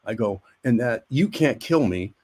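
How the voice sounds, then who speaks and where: A man's voice: mid-range voice, measured pace. A middle-aged man, a guest actor, telling rambling stories in casual chat and acting out the quotes. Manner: rambling, animated storyteller, acts out quotes. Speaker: guest, actor and army veteran.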